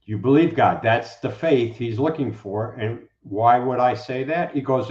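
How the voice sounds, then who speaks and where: A man talking as a guest, preaching in a casual, animated way and acting out the people he quotes. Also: mid-range voice, measured pace, hardly any pauses. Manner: animated, acts out quoted speakers. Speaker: guest, Bible teacher. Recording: roomy, dull lo-fi sound.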